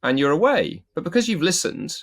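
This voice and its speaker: A middle-aged man from the UK, a guest author telling lively anecdotes in an interview and acting out the quotes. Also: on the high side, brisk. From United Kingdom. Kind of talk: storytelling interview answer.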